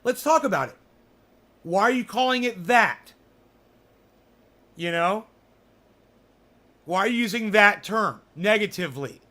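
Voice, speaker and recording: A man's voice: sits high, lively intonation, a little slow, pauses often, sharp tone. A man hosting a livestream, talking in a rambling, profane, sarcastic rant. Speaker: livestream host. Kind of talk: casual ranting livestream chat.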